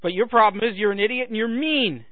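Sarcastic talk host, man, high voice, phone-thin dry audio. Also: fast, no room sound, phone-quality sound. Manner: sarcastic ranting with mocking put-on voices. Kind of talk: comedic monologue.

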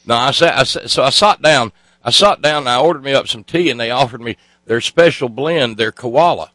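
A man's voice: mid-range voice, brisk, sharp tone, no echo, rough recording. A man playing a folksy, rambling male missionary who stumbles over his words as he tells a tall tale. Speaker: comic radio co-host.

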